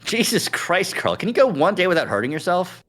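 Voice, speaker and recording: A man's voice: high-pitched, very animated, brisk, fairly bright tone, voice pushed up, full character voice. A man voicing a young male furry protagonist in a visual novel, joking and exasperated. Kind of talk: reading a visual novel aloud.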